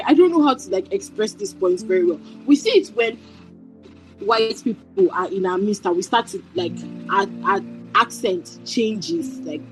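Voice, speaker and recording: A woman's voice: mid-range voice, rough recording. A woman in a book club discussion, speaking hesitantly with many fillers and apologies. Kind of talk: casual discussion.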